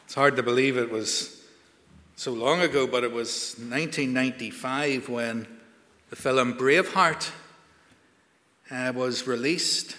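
A man's voice: mid-range voice, unhurried, pauses often, sharp tone, big-room sound. A man preaching a sermon, earnest and building to emphatic peaks.

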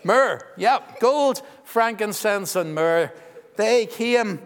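Pastor, man, high voice, quizzing kids into a handheld mic, long church reverb. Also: animated, slow pace, clear, resonant tone. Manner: warm, teasing, quizzes children. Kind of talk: children's talk in a church service. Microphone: handheld microphone passed around.

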